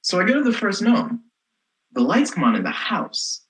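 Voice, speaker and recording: Casting: young actress as a snarky teen girl rebel, sarcastic storyteller, pitch swings widely. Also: huge pitch swings, normal speed, rough recording. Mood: sardonic. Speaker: student actor. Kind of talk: comic stage monologue.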